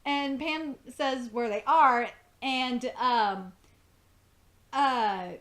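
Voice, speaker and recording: High-voiced woman rambling through a recap. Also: drawn-out words, fairly bright tone. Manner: rambling, profane, full of "like" and "um". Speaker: TV episode reviewer. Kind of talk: casual episode recap.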